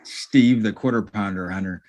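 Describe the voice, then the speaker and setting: A man's voice: lowish voice, normal speed, darkish tone. A man co-hosting a podcast in casual chat, slangy and swearing freely. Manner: slangy and profane, calls people bro. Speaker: podcast co-host.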